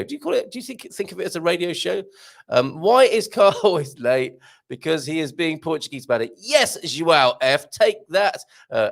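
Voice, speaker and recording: A middle-aged man with a gravelly, slightly croaky voice that swings widely up and down as he chats. He hosts a live show in a jokey, self-mocking way, reading out viewer comments between chuckles. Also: medium pitch, a bit bright. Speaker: livestream host.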